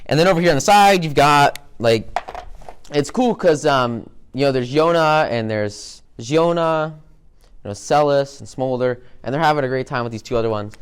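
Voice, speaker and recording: A man's voice: mid-range voice, moderate pace, smooth. A man giving an upbeat, rambling motivational talk with lots of energy. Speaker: motivational speaker.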